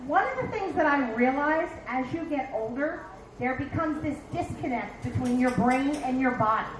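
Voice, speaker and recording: Brash, high-voiced woman in her fifties. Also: animated, measured pace, slight background noise. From Philadelphia. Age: 50s. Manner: brash, profane, punchy delivery with acted-out asides. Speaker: stand-up comedian. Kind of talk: stand-up comedy set. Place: dive bar stage. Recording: echoey bar room.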